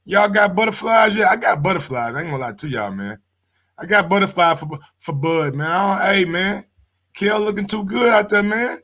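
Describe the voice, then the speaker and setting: Excitable high-voiced sports stream host. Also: male voice. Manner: excitable, loud and profane, talks straight to viewers. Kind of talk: live-stream reaction commentary.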